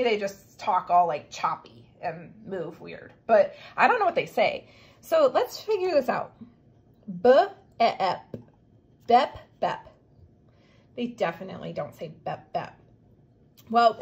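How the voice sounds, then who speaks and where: A woman teacher giving a remote reading lesson to young children, encouraging them and slowly sounding out words. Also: mid-range voice, slightly rough.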